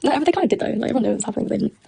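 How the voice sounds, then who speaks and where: A young woman on a livestream, telling a personal story in rapid, agitated casual chat, acting out quotes with nervous laughs. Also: on the high side, animated, gravelly, mellow, breathy edge, rough recording. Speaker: streamer.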